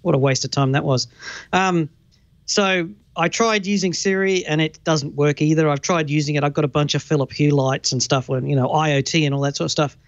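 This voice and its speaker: A man's voice: on the high side, fairly quick, dry recording, highs cut off. A man from the United Kingdom, a guest panelist, explaining things in a blunt way over a remote call. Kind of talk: tech panel discussion.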